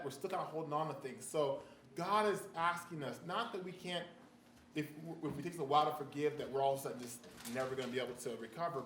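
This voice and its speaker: Animated man preaching in an echoey church. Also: a little high, a little hiss or hum. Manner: conversational, animated, frequent "right?" asides. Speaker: pastor. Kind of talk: sermon. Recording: echoey room, faint ambience.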